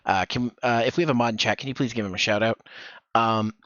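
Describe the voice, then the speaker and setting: A man's voice: medium pitch, quick pace, fairly bright tone, dry recording. A man hosting a voice acting workshop stream, encouraging as he directs and demonstrates lines, speaking into a gaming headset mic. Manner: encouraging, directs with demo readings. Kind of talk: instructive streaming chat. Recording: dull, dry headset audio.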